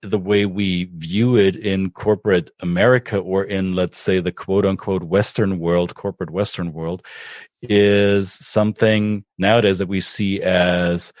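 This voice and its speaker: A man with a German accent, a native German speaker, calmly explaining ideas as a podcast guest, with frequent restarts. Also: low-pitched, a little slow, dry recording, clean studio sound. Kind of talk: podcast interview.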